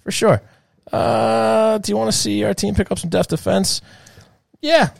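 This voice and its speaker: A man's voice: sits high, creaky, no room sound. A man co-hosting a casual sports talk stream, rambling with lots of fillers. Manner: animated, fast, filler-heavy rambling. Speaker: podcast co-host.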